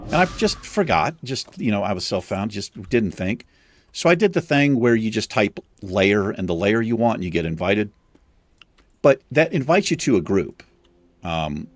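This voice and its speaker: A young man casually commenting on his game and rambling through a story, swearing freely as he talks. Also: lowish voice. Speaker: gaming streamer.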